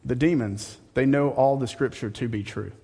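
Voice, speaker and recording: Male pastor, sermon delivery, sarcastic pitch jumps, long hall reverb. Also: normal speed, gravelly, warm tone, slightly rough. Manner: rises to a high mocking voice for sarcasm.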